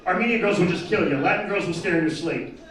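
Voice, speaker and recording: Quick-paced and fairly bright, his voice sits high as this comedian runs a crude, brash live set and teases the crowd. The distant, echoey mic also picks up the audience's chatter and laughter.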